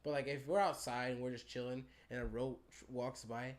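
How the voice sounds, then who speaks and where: A man's voice: medium pitch, moderate pace. A man co-hosting a casual podcast, telling stories with lots of laughter and swearing. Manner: animated, laughs through stories, swears often. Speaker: podcast co-host. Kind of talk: casual chat, storytelling.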